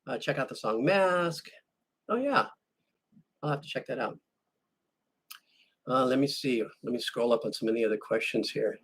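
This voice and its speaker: Answering viewers in a relaxed chat, a male music-channel host spins a wandering tale, constantly backing up to restart and fix it. His voice is a little high, bright and pushed, with slight roughness.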